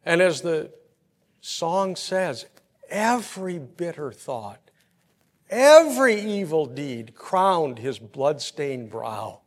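A man preaching a sermon, telling everyday stories and swinging from soft, quiet passages to loud, emphatic peaks. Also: fairly high pitch, animated, slow pace. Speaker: pastor. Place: church. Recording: long hall reverb.

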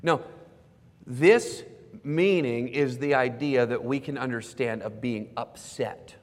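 A man preaching a sermon as pastor, earnestly explaining words and softly repeating key phrases for emphasis. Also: mid-range voice, takes it slowly. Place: church sanctuary. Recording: preached in a reverberant church hall.

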